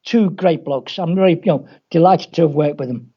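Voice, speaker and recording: Fairly high-pitched and fairly quick, a Scouse football coach from England recounts wry stories in an interview, voicing the characters he quotes. The recording is dull and lo-fi.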